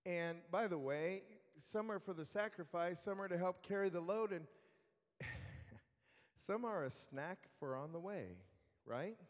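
A man preaches a sermon and tells the story in a relaxed, conversational way. He speaks slowly, and his voice sits a little high. A long reverb hangs after his words, as in a large hall.

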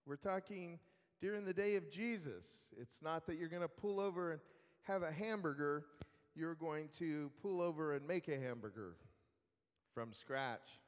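A man's voice: a little high, normal speed. A man preaching a sermon, telling a story in a conversational way. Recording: long reverb of a hall.

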